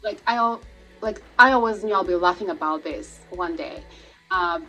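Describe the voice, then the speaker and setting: A woman's voice: medium pitch, very animated, normal speed, dull audio, soft background music. A young woman telling personal memories in a vlog, laughing often and acting out other people's voices. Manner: warm-hearted, laughs often, acts out quoted voices. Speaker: vlogger sharing memories. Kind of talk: personal storytelling to camera.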